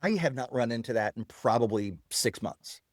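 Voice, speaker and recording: A man guest, a software founder, explaining his product while demonstrating it on screen in a casual interview. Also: mid-range voice, lively intonation, moderate pace, no echo, studio quality.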